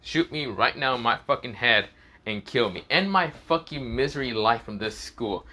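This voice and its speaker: A man putting on a foul-mouthed young guy who could not care less. The voice is bright and edgy, the delivery flat and dismissive, thick with swearing, like a fan story read aloud. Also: medium pitch, moderate pace. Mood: scornful.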